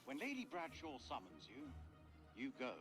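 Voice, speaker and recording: A man's voice: mid-range voice, wildly swooping pitch, moderate pace. An actor reading a posh British man's expedition journal as scripted game narration. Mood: measured. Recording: game audio under loud music.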